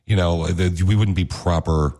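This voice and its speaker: A man's voice: deep voice, fairly even intonation, normal speed, dark tone. A man hosting a radio show, chatting casually and joking with his co-host. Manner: joking, teasing.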